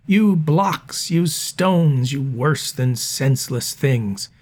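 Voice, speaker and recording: A man voicing an angry male Roman tribune who scolds a crowd, declaiming verse slowly and with heavy emphasis. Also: mid-range voice, lively intonation, a little mellow. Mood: scolding.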